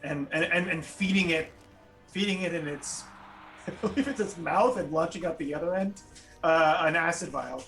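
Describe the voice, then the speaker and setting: A man playing in an online tabletop game who talks eagerly and rambles, full of fillers and quick laughs. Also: fairly high pitch, a bit bright. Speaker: player. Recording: distant voice with faint music.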